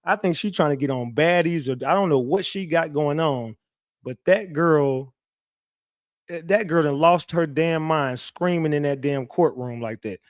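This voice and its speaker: Livestream host, male, higher-pitched, dry close sound; swearing, animated storyteller. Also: a little slow, no echo. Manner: profane, animated retelling with repeated restarts. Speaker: livestream host recapping a court hearing.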